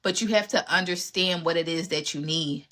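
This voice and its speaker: A woman in her thirties talking through relationship advice in a casual, candid way. Her voice is bright and forceful, pitched a little low for a woman, and she is emphatic as she acts out old conversations with men she dated. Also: normal speed. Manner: candid and emphatic, acts out exchanges with past dates. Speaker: podcast host answering relationship questions.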